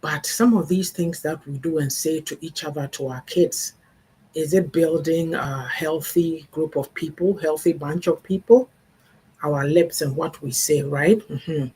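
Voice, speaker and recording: Older woman, host of a live faith talk, husky, earnest and advising. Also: low-pitched, measured pace, mellow. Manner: earnest, advising, acts out parents' sayings. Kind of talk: livestream talk on family and faith.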